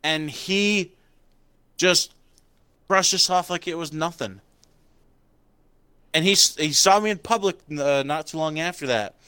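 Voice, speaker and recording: A man's voice: fairly high pitch, normal speed, long pauses, clear, resonant tone, dry recording. A young man casually chatting, telling stories animatedly and swearing a lot. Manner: profane storytelling, laughing and animated. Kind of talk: casual chat.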